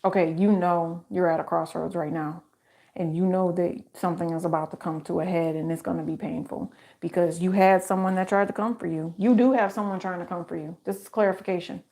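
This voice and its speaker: A woman's voice: on the low side, fairly even intonation, brisk, warm tone. Chatty, emphatic woman giving a tarot reading. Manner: chatty and emphatic, repeats phrases and asks rhetorical questions. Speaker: tarot reader. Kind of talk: solo tarot reading to camera.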